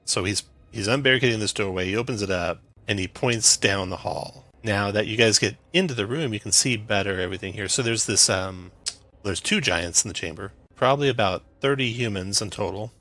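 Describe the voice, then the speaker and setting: A man narrating as game master of a tabletop game, describing scenes briskly with frequent fillers. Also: fairly low pitch, bright, forceful tone.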